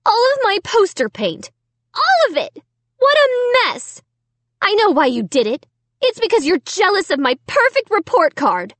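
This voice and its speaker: A woman's voice: huge pitch swings, measured pace, fairly bright tone, dry recording, full character voice. A woman voicing a shrieking, accusing preteen girl in an audiobook. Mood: indignant. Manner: shrill, screaming.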